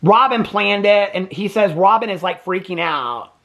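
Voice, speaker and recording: A man's voice: sits high, normal speed, fairly bright tone. A man giving casual reaction commentary on a reality show, chatty and sassy, rambling and swearing freely. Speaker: TV reaction vlogger.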